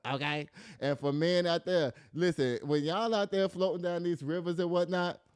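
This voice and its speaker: A man's voice: a little high, normal speed, clean tone, no echo, clean studio sound. A middle-aged man hosting casual news commentary, reading stories aloud and riffing with laughter. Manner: animated, laughing, reads stories aloud then riffs.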